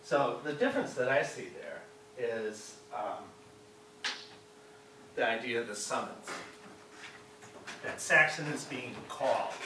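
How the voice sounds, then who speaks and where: A man's voice: medium pitch, lively intonation, slow, pauses often, background noise. A middle-aged man from Chicago giving a classroom lecture as a guest speaker, often checking in with his listeners by asking "right?". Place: college classroom. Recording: echoey room, mic far off.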